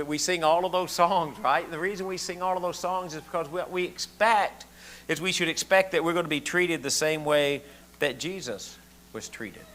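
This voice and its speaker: An older man with a thick Southern accent gives a homey, conversational sermon. He quizzes his listeners and stumbles over repeated words as he goes. His voice is pitched a little high and rings brightly. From southern United States. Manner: folksy, asks the room questions, repeats words often. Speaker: pastor.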